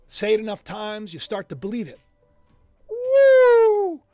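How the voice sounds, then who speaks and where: A man hosting a live stream, reacting to news clips in a mocking, animated way and humming as he thinks aloud. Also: high voice, no room sound, soft background music. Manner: animated and mocking, muses aloud with drawn-out hums. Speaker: livestream host.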